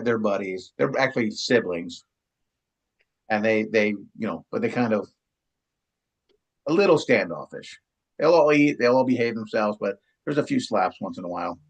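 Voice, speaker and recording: A middle-aged man chatting as an interview guest, rambling along with many stammered restarts and repeated words. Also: lowish voice. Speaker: guest, longtime ska radio DJ and promoter. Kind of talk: casual chat.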